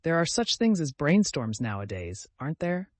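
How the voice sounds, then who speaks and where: A man's voice: fairly high pitch, big pitch swings, moderate pace, no echo. A man voicing a nervous, kindly gray-haired host in an audiobook, speaking hesitantly. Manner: kind, hesitant.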